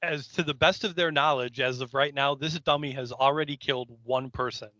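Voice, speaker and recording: A man co-hosting a podcast who recaps scenes in casual chat and adds measured, dry remarks. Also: medium pitch, steady tone, pushed and bright, no room sound, highs cut off. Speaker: podcast co-host.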